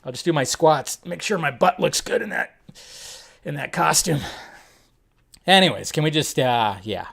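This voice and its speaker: A young adult man talks through film news on his own livestream. His voice sits fairly high, and he rambles in a loose, joking, animated way, jumping between asides. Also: normal speed, creaky, long pauses, breathy edge. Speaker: livestream host. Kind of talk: casual commentary livestream.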